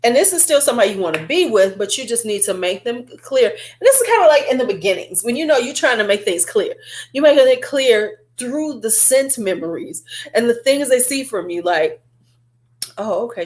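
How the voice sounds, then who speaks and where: Chatty woman reviewing perfume. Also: on the high side. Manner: chatty and animated, drawn-out fillers. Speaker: beauty vlogger. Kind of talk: casual beauty review chat.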